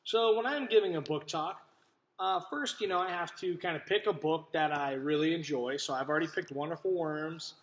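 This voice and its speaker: A male teacher giving a video lesson to young children, speaking in a clear, friendly voice straight to the camera. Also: fairly high pitch, normal speed, low-quality recording. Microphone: camera in front of him.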